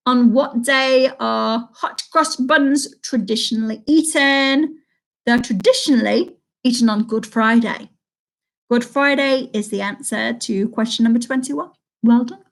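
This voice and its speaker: Uk woman running a virtual pub quiz, slightly high voice, chatty, repeats the questions and cheers people on. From United Kingdom. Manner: chatty, reads out questions and answers twice, reacts to players' scores. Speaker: quiz host. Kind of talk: casual live quiz hosting.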